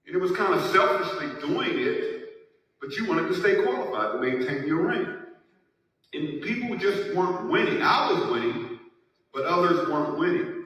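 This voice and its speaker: A man speaks to an audience in a bright, forceful voice, pitched a little high for a man. He tells his personal story emphatically, and the feeling builds as he goes. The sound comes from some distance off and rings with long reverb in a large hall. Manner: emphatic storytelling with rising emotion. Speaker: network marketing speaker. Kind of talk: testimonial speech to an audience. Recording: echoey hall, voice from far off.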